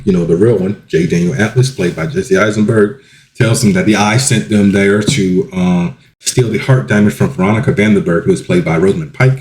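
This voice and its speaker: A man hosting a casual solo podcast, rambling through plot recaps with lots of ums and quick self-corrections. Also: lowish voice, darkish tone, reverberant. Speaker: podcast host.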